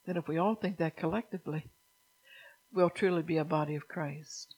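A middle-aged woman preaching a fervent sermon, scolding the listeners and rising to loud, emphatic bursts. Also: low voice, normal speed, breathy edge, poor audio.

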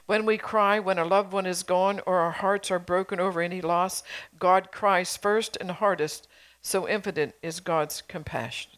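A woman's voice: lowish voice, steady tone, normal speed, a bit bright. A middle-aged woman preacher delivering a sermon, earnestly exhorting her congregation with rhetorical questions.

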